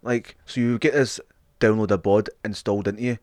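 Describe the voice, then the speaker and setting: A man with a lowish voice swears his way through loose podcast banter, laughing as he rambles. The sound is close and dry, with no room around it. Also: steady tone, brisk, darkish tone, no echo. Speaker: podcast co-host.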